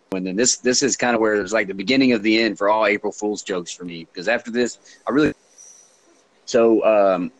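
A man in his thirties telling a story in a relaxed, unhurried way. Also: on the low side, poor audio. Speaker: podcast guest, Navy veteran. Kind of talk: casual storytelling.

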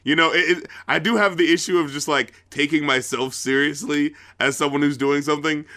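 A man's voice: on the high side, fairly even intonation, brisk, sharp tone. A man with a Southern US accent hosting a podcast, chatting casually and rambling with lots of fillers. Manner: rambling, heavy on fillers like "you know what I mean". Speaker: podcast host.

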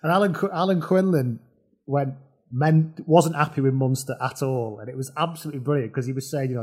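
A man's voice: medium pitch, a little fast, darkish tone. A man co-hosting a podcast, telling wry rugby stories in casual chat. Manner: wry storytelling, laughs at his own jokes. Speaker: podcast co-host.

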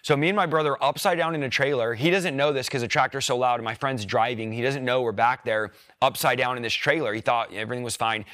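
A man's voice: mid-range voice, steady tone, quick pace, hardly any pauses, fairly bright tone, no room sound, clean studio sound. A young man earnestly telling his personal faith testimony, retelling near-death events with quoted thoughts and emotion. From rural background. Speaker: guest sharing a testimony.

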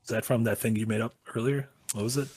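Fast-talking husky co-host. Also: male voice, medium pitch, fairly even intonation, a little mellow, no room sound. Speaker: stream co-host. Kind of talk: casual stream chat.

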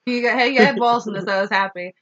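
A woman co-hosting a podcast, recapping a movie in animated, casual chat and swearing freely. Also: fairly high pitch, fast talker, lo-fi sound. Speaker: podcast co-host.

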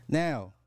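Slow, blunt man hosting commentary. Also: darkish tone, dry recording, clean studio sound. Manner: blunt, repeats rhetorical questions. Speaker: podcast host. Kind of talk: social commentary podcast.

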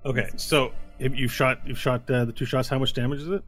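A man's voice: mid-range voice, fairly even intonation, fairly quick, faint music behind. A man running a tabletop game as game master, narrating scenes in a rambling descriptive way over a headset mic.

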